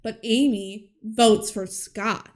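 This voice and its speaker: A woman's voice: on the high side, slow. Chatty woman co-host recapping a movie. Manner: animated retelling, acts out characters' lines, laughs often. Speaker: podcast co-host. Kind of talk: casual movie recap chat.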